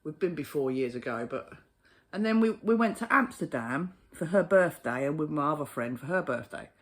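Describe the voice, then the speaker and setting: A woman's voice: sits low, lively intonation, normal speed. A woman ranting to camera in a casual vlog, exasperated and sweary, often laughing in disbelief. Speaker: vlogger.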